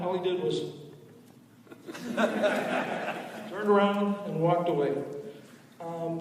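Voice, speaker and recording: A man in his sixties with a fairly high voice tells friendly tribute stories. He is distant from the mic. The hall echoes with a long reverb. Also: darkish tone, a little hiss or hum. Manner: plain, good-humoured storytelling. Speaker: attorney, speaker at a celebration. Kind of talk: anecdotal tribute speech. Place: large event hall.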